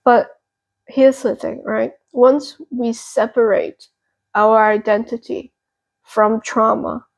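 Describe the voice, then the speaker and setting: Gravelly-voiced woman, gentle tarot reader. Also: on the high side, rough recording. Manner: gentle, reassuring, therapeutic, with frequent fillers. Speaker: tarot reader and channel host. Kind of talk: pick-a-card tarot reading to camera.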